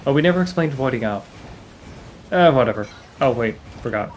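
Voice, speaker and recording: A man explaining a speedrun route as he plays, in a halting, loose live-stream commentary style. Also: mid-range voice, expressive, a little hiss or hum, rough recording. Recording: game music playing behind the voice.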